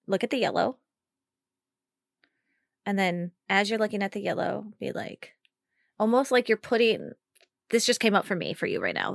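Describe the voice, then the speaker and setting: A woman's voice: medium pitch, creaky, dry recording, studio quality. A woman hosting a live coaching call, chatty and encouraging, laughing often as she guides the talk. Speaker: podcast host and communication coach.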